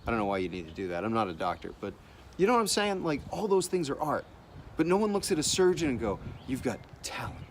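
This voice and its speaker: Guy ranting blunt and sweary, mid pitch, lil bit of traffic hum behind. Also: fast talker. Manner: blunt, animated, swears freely. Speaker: artist sharing opinions. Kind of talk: casual profane monologue.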